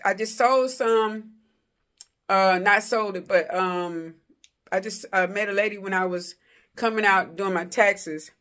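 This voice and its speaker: A woman's voice: medium pitch, a bit bright. A middle-aged woman talks straight to her viewers in a loose, rambling vlog. She drifts from story to story and calls out "y'all" often. She sends her love and blessings along the way. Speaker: vlogger. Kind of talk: casual product chat to viewers.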